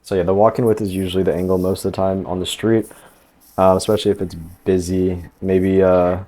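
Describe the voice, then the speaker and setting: Male coach, deep voice, relaxed instructional narration, casual fillers throughout. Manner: relaxed, loose, lots of fillers like "um" and "like". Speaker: dating coach.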